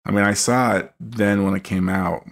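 A man co-hosting a podcast, chatting casually and haltingly about a film. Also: lowish voice, steady tone. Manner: hesitant, full of fillers and restarts. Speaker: podcast co-host. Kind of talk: casual film commentary chat.

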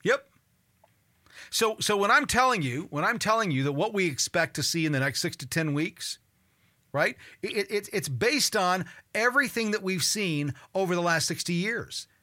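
A man in his sixties hosting a call-in radio talk show, talking in an animated way, stumbling over repeated words and swearing when riled up. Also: high voice, moderate pace.

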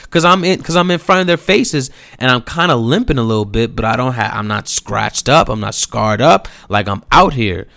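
A man's voice: mid-range voice, vocal fry, dry recording. A young man telling a personal story in a casual, slangy and profane way, acting out the people in it. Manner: animated, slangy and profane, acts out quotes.

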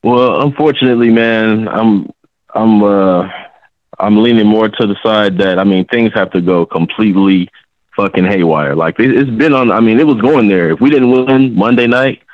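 Fired-up and swearing a lot, a male guest commentator rants heatedly in casual sports talk on a podcast. He speaks at a moderate pace in a lowish voice, and the audio is dull with no echo.

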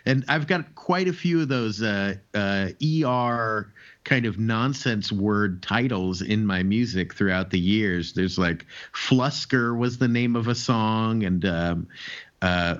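A man's voice: lowish voice, lo-fi sound. A man, a musician guest in a casual interview, talking hesitantly with many fillers.

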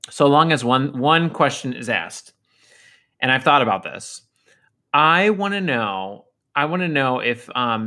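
A man's voice: mid-range voice, bright, forceful tone. A man co-hosting a podcast, chatting playfully and saying "like" often. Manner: playful, says "like" a lot. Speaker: podcast co-host. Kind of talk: casual chat.

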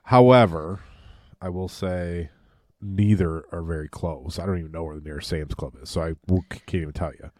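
A man's voice: sits low, moderate pace, a little mellow, no room sound, studio quality. A man in his thirties with a Michigan accent, co-hosting a podcast in easygoing casual chat. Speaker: podcast co-host.

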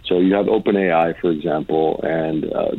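A man with a very low, husky voice talks through ideas as a podcast guest, pausing on "uh" and restarting his sentences. His voice comes over a tinny, phone-like line with a dry, close sound. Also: fairly even intonation, no echo. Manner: thoughtful, frequent "uh" and restarts. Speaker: tech start-up founder and CEO, podcast guest. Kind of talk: casual interview talk.

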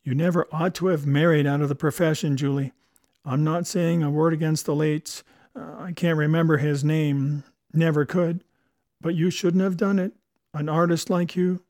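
A man's voice: fairly high pitch, fairly even intonation, normal speed, a little mellow, no room sound, clean studio sound, lightly acted. A man reading an audiobook voices an old former stage performer, hearty and chiding, in a slightly raised voice. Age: older. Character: old retired male stage performer, gruff but cheerful. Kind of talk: audiobook character voice.

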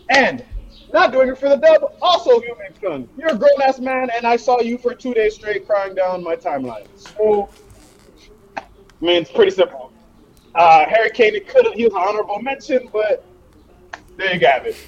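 A man co-hosting a soccer podcast, trash-talking in an animated, slangy way and calling people "bro". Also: sits high, moderate pace. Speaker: podcast co-host. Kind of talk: casual soccer banter. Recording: dull lo-fi sound.

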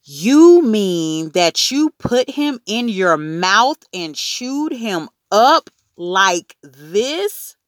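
A woman voicing a frantic, doting mother who talks in a shrill, pleading way, in a storybook reading. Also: animated, slow pace, few pauses, a bit bright, no room sound, clean studio sound. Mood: exasperated.

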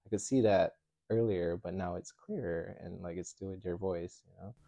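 A man speaking thoughtfully and softly in a casual podcast chat, laughing often. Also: sits low, fairly even intonation, normal speed, vocal fry, dry recording, highs cut off. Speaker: podcast guest dancer.

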